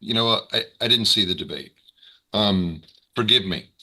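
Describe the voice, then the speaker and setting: A man co-hosting a political livestream, speaking slowly and deliberately with measured pauses. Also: fairly low pitch, pushed and bright. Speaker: co-host. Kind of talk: political talk.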